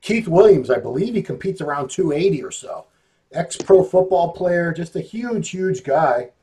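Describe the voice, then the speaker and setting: Male host, relaxed and matter-of-fact, a bit high in pitch. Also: moderate pace, slight background noise. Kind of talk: casual chat.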